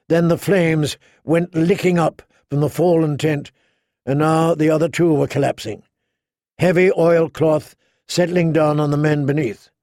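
A man reading a fantasy story aloud as narrator, measured and slowing down for dramatic emphasis. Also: a little high, a little mellow, dry recording, studio quality. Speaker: audiobook narrator.

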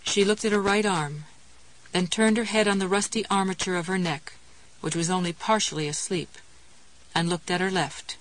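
A woman narrating a novel aloud in a measured, calm storytelling manner. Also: fairly low pitch, rough recording. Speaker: audiobook narrator.

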